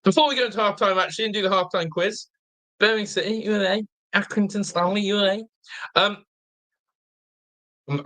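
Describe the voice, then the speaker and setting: A young man hosting a live football watch-along, chatting excitedly, reacting to play and reading viewer comments aloud, with a slightly blocked nose. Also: fairly high pitch. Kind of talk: live fan commentary and chat.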